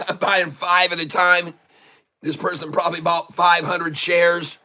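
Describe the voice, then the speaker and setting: Hoarse, bright-voiced day-trading streamer. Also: male voice, sits high, level tone, measured pace. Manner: folksy, repeatedly calls viewers folks; coaxing, repeats instructions. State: hoarse from long hours of talking. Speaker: day-trading livestream host. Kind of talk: live trading commentary to chat.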